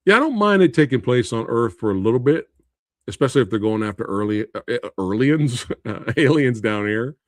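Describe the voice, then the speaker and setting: Male movie-review streamer, expressive and incredulous, loose and profane, dry close sound. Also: mid-range voice, brisk, no echo. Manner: animated, incredulous ranting with frequent laughs and swearing; reads and answers viewer comments. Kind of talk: live stream Q&A and review chat.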